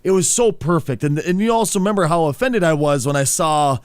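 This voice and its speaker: An excitable, jokey American man co-hosting a casual podcast chat and laughing often. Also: on the high side, a little fast, smooth, no room sound. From United States. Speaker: podcast co-host.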